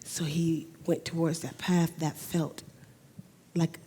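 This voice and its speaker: A woman giving an emotional talk on camera, speaking in a halting way and often restarting her sentences. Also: deep voice, flat delivery, warm tone, a little hiss or hum. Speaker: speaker at a talk on remote viewing. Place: in front of a camera.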